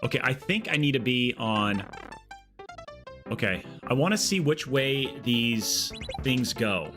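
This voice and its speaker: Brief: male game streamer, mid-pitched, rambling and joking, faint game music behind. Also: expressive, slow pace. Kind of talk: casual live-stream chat.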